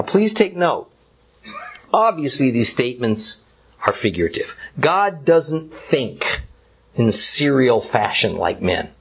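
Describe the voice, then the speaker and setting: Slow, husky-voiced male Bible teacher. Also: medium pitch. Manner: deliberate, emphatic explaining. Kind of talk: verse-by-verse Bible lesson.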